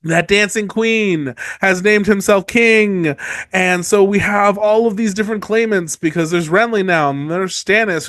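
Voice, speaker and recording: Lively high-voiced man chatting. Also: no echo, clean studio sound. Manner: animated, laughs often, acts out characters in quick voices. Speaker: podcast host. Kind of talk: casual book discussion chat.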